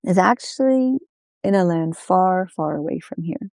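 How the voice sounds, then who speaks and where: A woman's voice: fairly low pitch, lively intonation, unhurried, gravelly, a little mellow, no echo. Secretive husband, plain confiding tone, read by a woman storyteller, dry close sound. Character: secretive husband hiding his soul.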